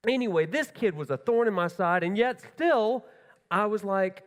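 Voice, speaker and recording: Animated youth pastor in a reverberant hall. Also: male voice, high-pitched, normal speed. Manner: self-mocking, animated, rambling with restarts. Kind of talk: comic sermon storytelling. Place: church.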